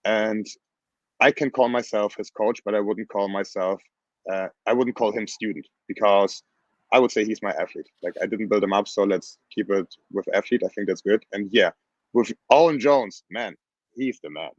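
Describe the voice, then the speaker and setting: A man coaching grappling, talking bluntly and with energy in a casual interview, his voice hoarse from screaming. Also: fairly low pitch, moderate pace, no echo, dull audio. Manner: animated, blunt, plain phrasing.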